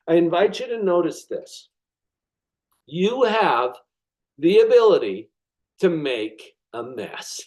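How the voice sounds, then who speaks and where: High-voiced man giving a motivational lecture. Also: low-quality recording. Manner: expressive, dramatizes with acted inner thoughts; deliberate emphatic pauses on key words. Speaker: presenter of a web class.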